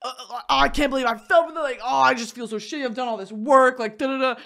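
A woman's voice: high-pitched, quick pace, vocal fry, a bit bright, voice pushed up. A woman voicing a hot-headed male soldier boyfriend who turns defensive and then pleading. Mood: bitter.

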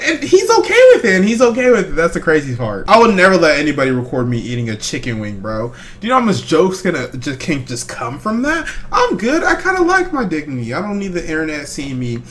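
A young man hosting a casual reaction video, jokey and animated, laughing often and calling the viewer bro. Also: a little high, a little fast.

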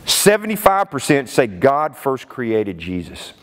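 A man preaching a sermon whose voice swings widely in pitch as he presses his points with emphatic disbelief. He sounds like he is in a church sanctuary, with long reverb hanging on his words. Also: sing-song, measured pace, a little hiss or hum.

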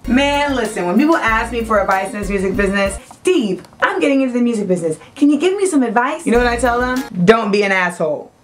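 A young adult woman hosting a web show, giving brash, profane, animated comedic commentary. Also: fairly high pitch.

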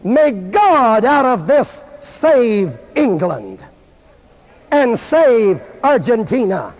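A man's voice: very high-pitched, sing-song, very slow, a little mellow. A man preaching a fervent, exclamatory sermon to a gathering of preachers, at times switching into French. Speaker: evangelist preacher. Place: large church or conference hall. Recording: dull lo-fi archive recording in a reverberant hall.

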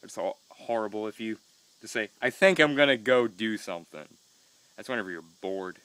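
A man's voice: fairly low pitch, animated, moderate pace, a bit bright, clear, resonant tone, no echo. A young man rambling through a casual vlog, self-mocking and laughing as he talks, just woken up. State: just woke up. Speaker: vlogger.

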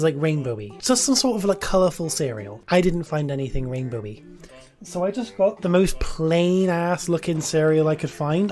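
A woman's voice: fairly low pitch, a little mellow. A woman streamer giving casual, crude, jokey let's-play commentary with plenty of swearing.

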